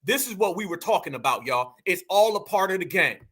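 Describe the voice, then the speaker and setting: A man's voice: sits high, lively intonation, fairly quick, a bit bright. A man hosting a heated political commentary stream, emphatic and repetitive, constantly calling out to his audience. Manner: emphatic, repeats points, keeps addressing the audience as fam and y'all. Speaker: commentary channel host.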